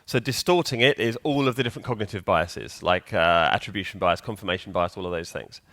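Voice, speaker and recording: A man's voice: low-pitched, a little fast, a bit bright. A man giving a live conference talk in a hall, chatty and joking, quizzing the audience. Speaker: conference speaker.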